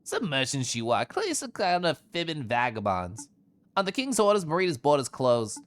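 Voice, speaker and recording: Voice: mid-range voice, wildly swooping pitch, normal speed, slight background noise. A streamer voicing a curt male border guard who scornfully turns travelers away, reading game dialogue aloud. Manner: scornful, dismissive.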